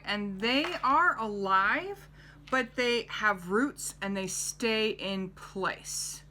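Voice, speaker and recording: Slow, bright-voiced woman teaching young kids. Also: mid-range voice, a little hiss or hum. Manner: gentle, coaxing, asks the child questions. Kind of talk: children's lesson.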